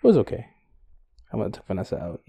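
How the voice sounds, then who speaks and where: Hesitant man with a lively, mellow voice. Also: fairly low pitch, quick pace, gravelly, slightly rough, no echo. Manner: hesitant, restarts often. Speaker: podcast co-host. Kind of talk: casual chat.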